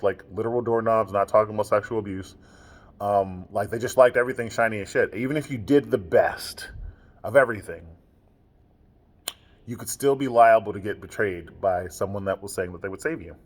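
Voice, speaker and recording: A young podcaster rambles through a candid personal monologue, full of fillers. He keeps his voice deliberately low and comfortable.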